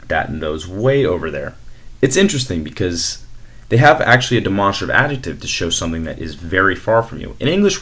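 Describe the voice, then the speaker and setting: This screen-recorded lesson features a young man teaching Spanish in a relaxed, explanatory manner, fillers and all. His voice is low-pitched with a fairly bright tone.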